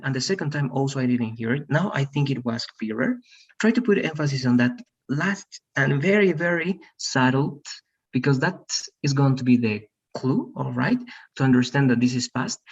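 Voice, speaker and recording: A man teaching English pronunciation one-on-one, encouraging and correcting, repeating words slowly. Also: mid-range voice, slightly rough. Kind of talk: online one-on-one lesson. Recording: dull lo-fi online call audio.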